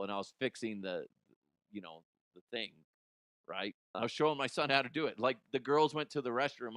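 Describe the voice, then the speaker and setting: A middle-aged man hosting a comedy show, ranting about odd news in an animated, profane, self-mocking way and laughing at his own jokes. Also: mid-range voice, no echo, clean studio sound. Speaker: podcast host.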